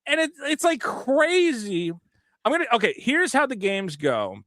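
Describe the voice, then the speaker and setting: Animated male podcast host, high and swooping, cursing freely, dry sound. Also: unhurried, no echo. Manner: animated, profane ranting with acted quotes. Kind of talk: casual podcast chat.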